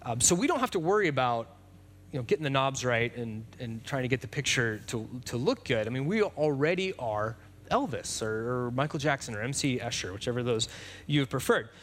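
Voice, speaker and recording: Animated pastor preaching conversationally. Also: male voice, mid-range voice, fairly quick, slight background noise. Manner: conversational, with fillers and restarts. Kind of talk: sermon.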